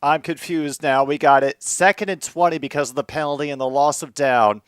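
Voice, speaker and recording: A man hosting casual live commentary on a football game, moving from dry asides to excited outbursts. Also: on the high side, a little fast, clean tone, dry recording.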